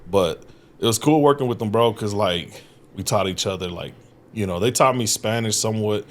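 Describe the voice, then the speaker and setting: A man's voice: fairly low pitch, moderate pace. A man guesting on a podcast, telling stories in a casual, profane way, often laughing and acting out what others said. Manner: profane, animated, laughs often, acts out quotes. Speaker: guest comedian. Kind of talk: casual storytelling chat. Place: podcast studio.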